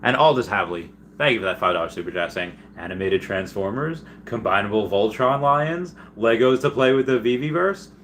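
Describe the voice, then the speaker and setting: Excitable man rambling on a livestream. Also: on the low side, a little fast, few pauses, slight background noise. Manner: excitable, rambling, trails off mid-thought. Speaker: livestream host. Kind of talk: casual livestream chat reading comments.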